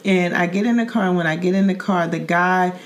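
There's a little hiss or hum as a middle-aged Saint Louis, Missouri, podcast host with a low voice tells a story from her life, fairly quickly, in casual chat. She sounds earnest and vivid, repeating words and dropping in fillers like "um" and "like."

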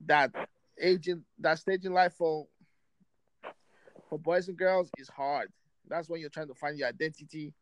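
Man, podcast host, casual story, animated, slangy, fairly high voice. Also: unhurried, pauses often, no room sound, low-quality recording. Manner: animated, acts out quoted friends in a raised voice; profane, streetwise slang.

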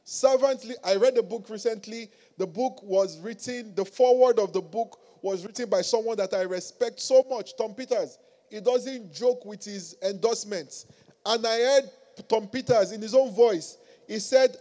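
A male pastor with a high voice delivers an animated sermon. He swings between quiet asides and loud, ringing exclamations, acting out the voices in his stories. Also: normal speed. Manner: animated preaching, acted quotes, rises to loud exclamations.

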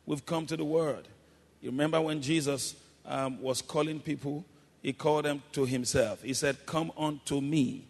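Male pastor, mid-pitched voice, call-and-response sermon rising to shouts, long church-hall reverb. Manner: calls congregation to repeat after him, rising to shouts.

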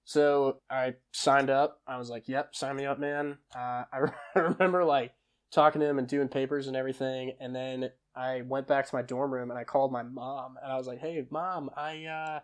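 A man's voice: mid-range voice, normal speed. A young man talks casually as a podcast guest, telling stories in an easygoing way. His voice sits in the middle of the male range. He drifts through fillers and self-corrections as he talks. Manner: lively storyteller who laughs and acts out quoted lines. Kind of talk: conversational storytelling.

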